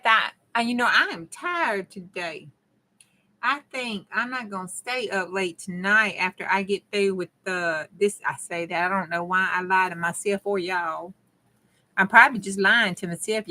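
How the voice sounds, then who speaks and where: A woman's voice: mid-range voice, normal speed, bright, forceful tone, low-quality recording. Chatty Southern country woman crafting. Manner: chatty, talks to viewers while working, drawls and chops words. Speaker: crafting channel host. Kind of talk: casual crafting vlog chat.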